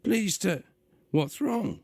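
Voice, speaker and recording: A man's voice: high voice, sing-song, slow, gravelly, darkish tone, dry recording, pitched above the performer's own voice, full character voice. A man voicing a timid, confused young male apprentice who stammers nervously.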